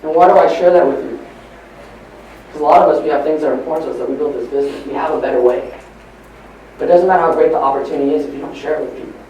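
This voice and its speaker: A man's voice: on the high side, slight background noise. Man speaking in an echoey hall. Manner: storytelling, swings between hushed and emphatic. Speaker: motivational speaker. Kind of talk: motivational training talk. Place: large hall at a live training event. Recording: echoey live hall recording from far off.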